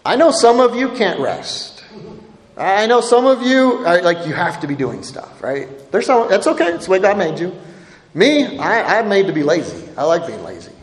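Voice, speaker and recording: A man's voice: sits high, sing-song, normal speed. A male pastor giving a conversational sermon, often checking in with the congregation by asking "right?". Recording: echoey hall with long reverb.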